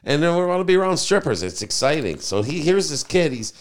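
A man's voice: a little high, very animated, brisk. A male podcast host in casual chat, telling a rambling anecdote full of "you know".

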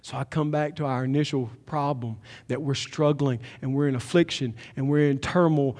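A man preaching a sermon as pastor, emphatic and building to loud climaxes. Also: medium pitch, steady tone, moderate pace, long reverb tail. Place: church sanctuary.

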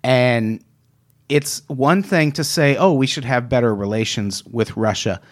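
Brief: male co-host, casual and sarcastic, middle pitch, strong opinions. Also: a little slow. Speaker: podcast co-host. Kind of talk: casual chat.

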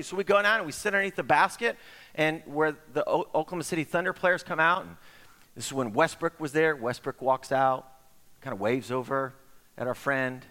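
Middle-aged guy preaching, pretty high voice, animated storytelling, long hall echo. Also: a little fast. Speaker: pastor. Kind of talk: sermon. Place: church sanctuary.

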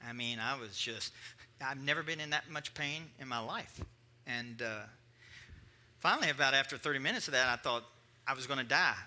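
Animated preaching man, bright voice. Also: medium pitch. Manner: animated storyteller, voicing people in his story. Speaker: pastor. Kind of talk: sermon with personal story.

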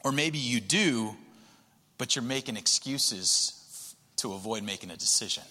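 A man delivering a sermon in a bright, forceful voice, speaking conversationally and restarting phrases as he thinks aloud. His voice rings out with a long reverb that trails after each phrase, as in a church hall. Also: medium pitch, expressive, moderate pace. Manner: conversational, repeats words, occasional laughs. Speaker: pastor.

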